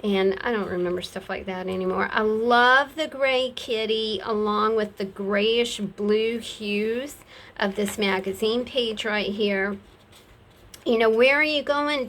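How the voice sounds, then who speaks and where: A middle-aged woman, rambling chattily as she shows off craft supplies and laughs at herself. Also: mid-range voice. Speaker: craft seller showing her products. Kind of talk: casual craft show-and-tell.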